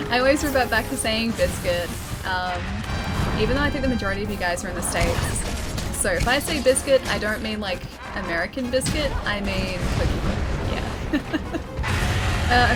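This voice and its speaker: Chatty Australian woman streamer, music behind. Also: medium pitch. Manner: chatty, laughs often, reads and answers chat. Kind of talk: casual live-stream chat while gaming.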